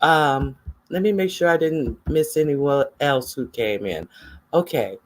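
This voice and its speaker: A man's voice: a little high, a little slow. A man giving casual, gossipy livestream commentary and chatting with his viewers.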